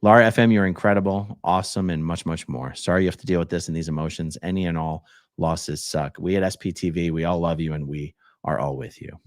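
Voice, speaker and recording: A man's voice: low voice, fairly even intonation, fast, no room sound, clean studio sound. A man hosting a livestream, reading viewer comments aloud in a laid-back way, and chatting with his guest. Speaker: livestream host reading chat. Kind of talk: casual livestream chat.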